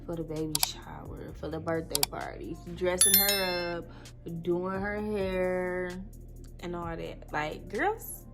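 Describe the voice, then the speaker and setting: A woman's voice: lowish voice, steady tone, slow pace, loud music behind the voice. A woman in her twenties telling an emotional story on her vlog. She talks tearfully, laughs through the tears and rambles with many fillers. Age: 20s. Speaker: vlogger.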